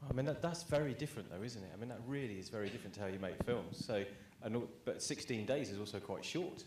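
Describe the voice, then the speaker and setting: Male moderator at live Q&A, quick and chatty; roomy, noisy hall. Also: lowish voice, lively intonation. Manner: brisk, chatty. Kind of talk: live audience Q&A. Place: cinema auditorium. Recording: roomy hall with clicks and background noise.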